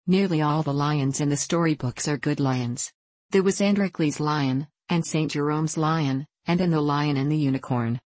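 A woman's voice: low voice, moderate pace, darkish tone, dry recording. A woman reading an audiobook, voicing a boastful, bossy eldest boy with eager lines.

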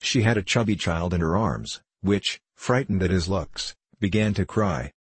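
A man reading a classic tale aloud as an audiobook narrator, in a steady, measured way. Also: low-pitched, slightly rough, no room sound.

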